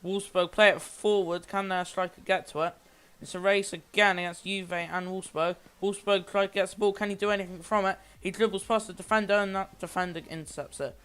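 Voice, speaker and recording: A man's voice: high voice, fairly even intonation, brisk, few pauses, fairly bright tone, smooth. A man giving amateur play-by-play commentary on a football match, rambling a little and often restarting or correcting himself.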